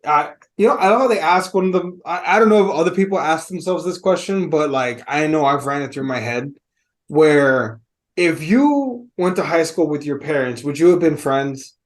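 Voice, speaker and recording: Slightly high-voiced guy on a podcast, blunt and sweary about movies. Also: expressive, normal speed. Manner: blunt and emphatic, swears freely. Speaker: podcast co-host. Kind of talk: casual movie review chat.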